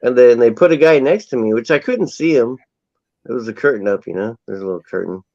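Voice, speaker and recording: A man's voice: medium pitch, expressive, fast talker, darkish tone, no room sound. A man telling a long rambling anecdote in casual chat. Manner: rambling anecdotal storytelling with acted quotes. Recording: dull lo-fi sound.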